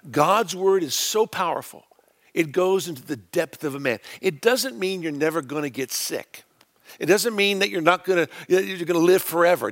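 Male preacher, high voice, emphatic sermon delivery, loud stresses then quiet low phrases.

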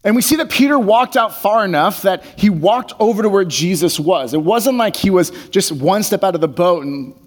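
A man's voice: high voice, animated, normal speed, hardly any pauses. A man preaching a conversational sermon, reading scripture aloud and then explaining it in plain, casual speech. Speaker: pastor.

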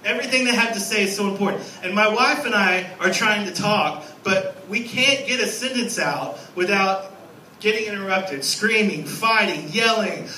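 A man in his thirties preaching a sermon as a guest pastor, lively and storytelling, acting out little scenes. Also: sits high, moderate pace, echoey room, distant mic, a little hiss or hum, rough recording. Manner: animated, acts out scenes with a raised voice. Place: church sanctuary.

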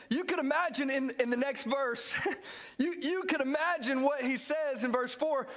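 A man preaching a sermon in a church, animated and joking as he acts out the story. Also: very high-pitched, a little slow. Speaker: pastor.

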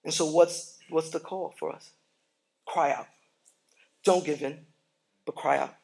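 A man with a fairly high voice preaches a sermon. He often stumbles over repeated words as he starts a thought. He swings between quiet, hushed stretches and loud, emphatic appeals to the congregation. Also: fairly even intonation, measured pace, vocal fry, rough recording. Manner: asks the congregation questions. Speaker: pastor.

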